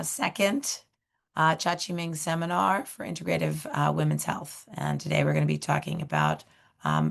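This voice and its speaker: A middle-aged woman with a hoarse voice, hosting a webinar and introducing speakers, halting with many fillers. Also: deep voice, a bit bright. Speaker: seminar host, director of education.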